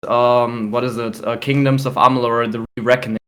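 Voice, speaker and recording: A man's voice: mid-range voice, level tone, a little fast, a bit bright. Opinionated young man grumbling about games. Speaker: podcast co-host. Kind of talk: casual gaming chat.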